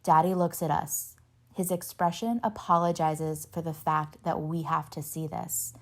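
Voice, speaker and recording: A woman reading a novel aloud in steady first-person narration, lightly voicing the dialogue. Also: sits low, unhurried. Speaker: reader.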